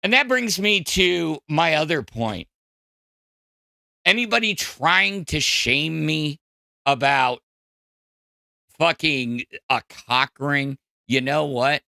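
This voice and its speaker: A man's voice: a little high, animated, slow pace, creaky, long pauses, sharp tone, dry recording, clean studio sound. A man hosting a podcast, ranting casually with lots of profanity, fillers and restarts. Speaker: podcast host. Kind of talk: casual crude podcast rant.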